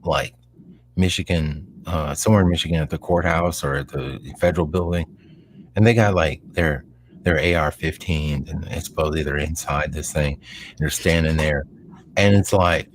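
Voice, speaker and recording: A man with a very low, deep voice rambles through a casual podcast conversation, full of fillers and asides. A faint background hum sits under the talk. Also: normal speed. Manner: rambling, animated, lots of fillers. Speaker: podcast co-host.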